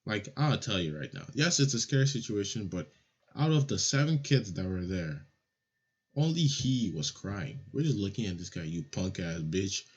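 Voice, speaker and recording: A young man from Nigeria telling a childhood story in a casual, animated, profane way. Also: lowish voice, moderate pace, husky. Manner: animated, swears a lot, acts out voices. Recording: lo-fi audio.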